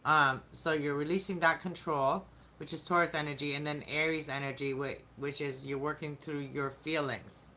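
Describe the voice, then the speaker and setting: A woman's voice: low-pitched, steady tone, moderate pace, pushed and bright, a little hiss or hum. A woman giving a casual live-streamed tarot reading, chatting to viewers and often restarting her sentences. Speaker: tarot reader.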